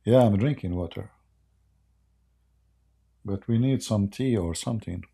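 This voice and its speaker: A man's voice: on the low side, a little slow, gravelly, dark tone, breathy edge. A man hosting a live debate stream in casual, mocking chat, rambling and laughing often, his voice worn and going. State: losing his voice.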